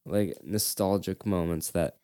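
A man hosting a podcast in casual chat, relaxed and mostly giving short replies. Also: sits low, unhurried, smooth, no echo, clean studio sound. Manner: relaxed, brief backchannel replies. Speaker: podcast host.

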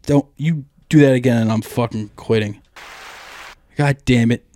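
A man's voice: mid-range voice, moderate pace, dark tone. A man co-hosting a podcast in crude, rambling comedic banter, swearing and laughing often. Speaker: podcast co-host.

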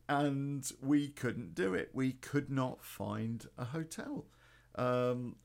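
Gravelly, sweary man telling a story. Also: medium pitch. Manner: rambling, sweary, many ums and restarts. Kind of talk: casual spoken anecdote.

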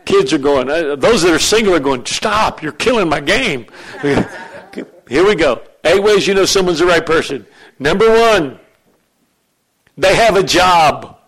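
A man preaching a sermon as pastor, animated and joking with his congregation in a church. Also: on the high side, unhurried, low-quality recording.

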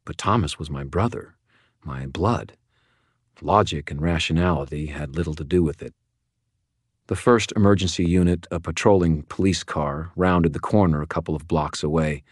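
A man reading a first-person audiobook narration in a wry, measured way. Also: a bass voice, no room sound, studio quality.

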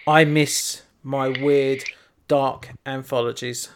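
A man in casual podcast chat, animated and swearing freely. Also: mid-range voice, slow, a little hiss or hum.

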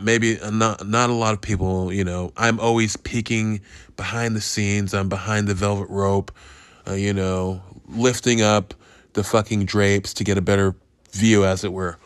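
A man's voice: on the low side, clean tone, no echo, studio quality. A man hosting a casual solo podcast, reviewing a movie in a rambling, profane, self-interrupting way. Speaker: podcast host.

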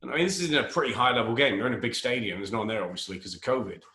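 Laid-back man, average pitch, who co-hosts a football podcast and gives his opinions. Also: rapid-fire, pushed and bright, echoey room. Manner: laid-back, laughs easily, explains opinions. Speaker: podcast co-host. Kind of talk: casual football banter podcast.

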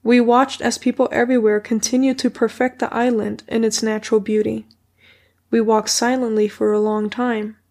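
A woman reading a children's story as an audiobook in a steady first-person narration. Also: on the high side, moderate pace. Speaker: audiobook reader.

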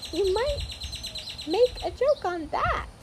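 A woman voicing a tiny, timid male gnat with a small, very high voice in a storybook reading. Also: very animated, slow pace, background noise, exaggerated voice. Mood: coaxing.

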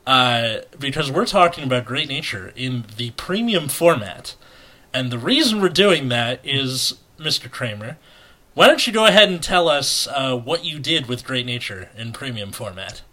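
A man hosting a podcast in casual chat, joking and animated as he talks. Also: medium pitch, normal speed. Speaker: podcast host. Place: indoor room.

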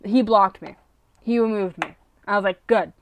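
A young woman hosting a casual solo podcast, talking bluntly and profanely in a rambling rant that jumps between loud outbursts and low mutters. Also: normal speed, slight background noise. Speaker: podcast host.

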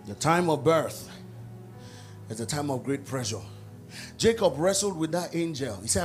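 Animated pastor preaching loudly. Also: male voice, a little high, normal speed, faint music behind. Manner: animated preaching, shouting peaks, acted-out quotes. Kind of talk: sermon. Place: church service.

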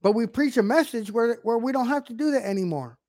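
A man's voice: extremely high pitch, expressive, fairly quick, darkish tone, dry recording. A man giving an informal video sermon, emphatic, often checking in with rhetorical questions. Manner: emphatic, keeps asking "right?". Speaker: online preacher.

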